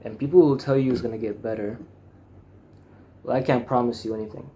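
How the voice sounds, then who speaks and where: A man's voice: mid-range voice, fairly even intonation, brisk, mellow. A young man talking frankly in a rambling personal monologue, full of fillers, restarts and swearing. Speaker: vlogger.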